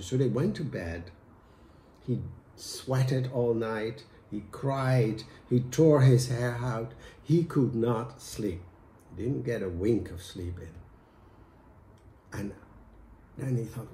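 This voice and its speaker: A man telling a folk tale in a lively, animated way as the show's storyteller. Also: mid-range voice, takes it slowly, pauses often, slight background noise. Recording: echoey room.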